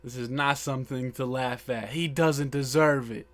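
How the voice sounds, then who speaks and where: A man's voice: medium pitch, fairly even intonation, normal speed, fairly bright tone. A man co-hosting a podcast, casually retelling wrestling scenes, acting out quotes and swearing, with repeated words. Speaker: podcast co-host. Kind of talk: casual chat recapping wrestling. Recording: background buzz.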